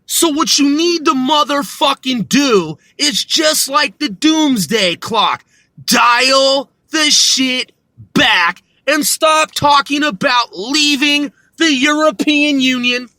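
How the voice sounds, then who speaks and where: A man rants about politics and swears constantly, his voice sitting very high for a man. His tone is bright and sharp. The recording is dry and close. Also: takes it slowly, few pauses, no echo. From United States. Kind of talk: profane political rant.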